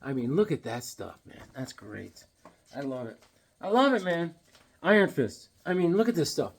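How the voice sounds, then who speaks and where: A man's voice: a little high, sing-song, normal speed, husky. A man hosting a casual comic book collecting vlog, playful and rambling with goofy jokes.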